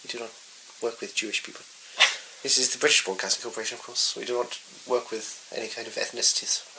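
A man's voice: mid-range voice, fairly even intonation, fast, very noisy, natural voice. A man playing a pompous, officious male radio presenter in improvised comedy, speaking in a prim and stuffy manner. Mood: haughty. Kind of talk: improvised comedy role-play.

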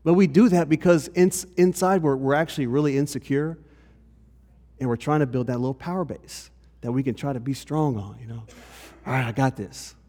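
A man's voice: mid-range voice, fairly quick, dark tone. Man preaching in an echoing hall. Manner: conversational, often checks in with "okay?". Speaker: pastor. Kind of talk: sermon. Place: church hall. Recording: long reverb of a hall.

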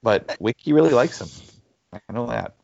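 A man co-hosting a casual soccer podcast, talking in a halting way with many restarts and fillers. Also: mid-range voice, animated, vocal fry, a little mellow. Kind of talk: casual sports chat. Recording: dull lo-fi audio.

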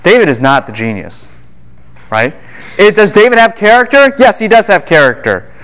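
A man giving a Bible lecture to a class, animated and quick to fire questions at his students. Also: high-pitched.

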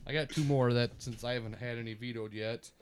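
A man's voice: mid-range voice, fairly even intonation, a little fast, a little hiss or hum. A man co-hosting a podcast, laying out dares in a laid-back, matter-of-fact way. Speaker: podcast co-host. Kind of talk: casual chat.

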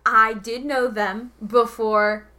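A woman's voice: a little high, flat delivery, slow, bright, forceful tone. A woman playing a fierce, demanding adventurer woman. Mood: sardonic. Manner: demanding, confrontational. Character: fierce young woman adventurer, angry and pumped.

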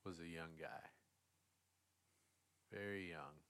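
Casting: casual male storyteller, lowish voice, loose and profane. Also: slow pace, vocal fry, fairly bright tone. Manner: rambling, profane, acts out quotes.

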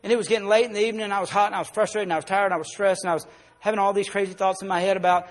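A male pastor preaching a sermon, telling a personal story and dropping soft and low in the emotional parts. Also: fairly even intonation, very fast.

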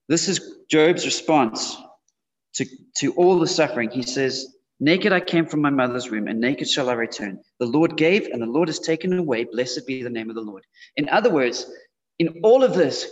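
A man preaching a sermon in a conversational way, speaking directly to his congregation. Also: a little high. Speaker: pastor. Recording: dull lo-fi sound with long hall reverb.

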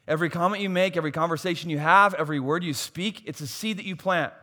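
A male pastor preaches with emphatic, repeated phrases and wry asides at his own expense. His voice sits a little higher than most men's. A long reverb trails behind him from a large hall. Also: fast, sharp tone. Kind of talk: sermon.

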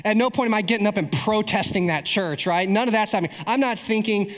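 A man preaching a storytelling sermon in a large church hall, animated, with frequent "right?" asides. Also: high voice, quick pace, hardly any pauses. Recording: long reverb in a large hall.

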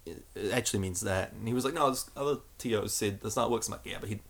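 A man talks at a fast clip in a casual chat. He tells animated stories, swearing freely and laughing often. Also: fairly low pitch, vocal fry.

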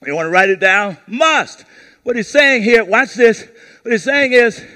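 A male pastor preaching a sermon to a congregation, calling on them to repeat key words back to him. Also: measured pace. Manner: lively call-and-response preaching, asks the congregation to repeat words; acts out brief quoted voices in a lowered tone. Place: church service before a congregation.

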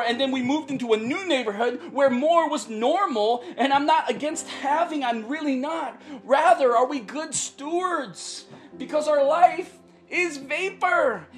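Earnest woman preaching a sermon. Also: sits high. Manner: earnest preaching, often asks the congregation "right?"; repeats phrases for emphasis. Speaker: pastor.

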